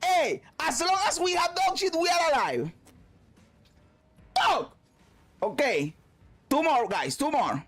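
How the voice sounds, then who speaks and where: Man, high voice, very lively pitch, yelling game commentary, music behind. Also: slow pace, long pauses. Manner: loud, swearing, shouts at the game. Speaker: gaming streamer. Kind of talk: excited gameplay commentary.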